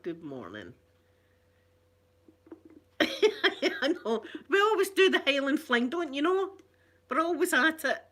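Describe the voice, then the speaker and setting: A woman's voice: mid-range voice, pushed and bright. A middle-aged Scottish woman hosting a casual live stream, chatting with viewers, reading out their comments and laughing often. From Scotland. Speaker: ASMR channel host.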